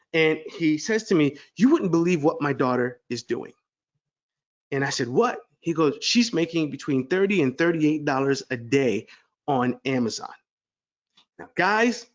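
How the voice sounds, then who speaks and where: A middle-aged man presenting an online class, telling a story to viewers with excited energy. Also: fairly high pitch, highs cut off. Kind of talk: webinar sales pitch.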